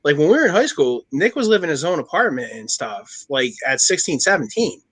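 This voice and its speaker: Fast bright-voiced podcast man. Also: fairly high pitch, big pitch swings, slightly rough. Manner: fast, questioning, playful. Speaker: podcast co-host. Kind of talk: casual chat.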